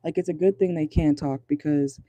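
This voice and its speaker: A man's voice: on the high side, fairly even intonation, fairly quick, mellow, no echo. A man giving a casual pick-a-card tarot reading in a car, chatty and amused, laughing often. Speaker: tarot reader.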